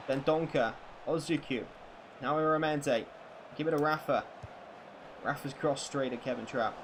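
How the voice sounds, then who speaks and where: A man streaming a football video game, calling the play like a commentator and chatting with viewers, excitable and prone to swearing and bursts of shouting. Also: on the high side, moderate pace, slight background noise.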